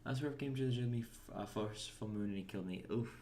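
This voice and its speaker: A young man talks through a game stream in a relaxed, chatty way, greeting viewers and restarting his words as he goes. His voice sits on the low side, and a faint hum of room noise runs under it. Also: quick pace. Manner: chatty, reads and answers chat, restarts words. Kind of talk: casual gameplay commentary.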